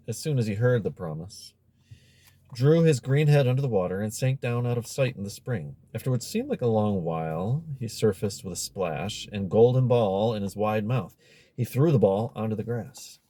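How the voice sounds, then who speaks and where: Low, mellow-voiced male audiobook narrator. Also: no echo. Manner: measured, expressive reading. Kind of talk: scripted narration.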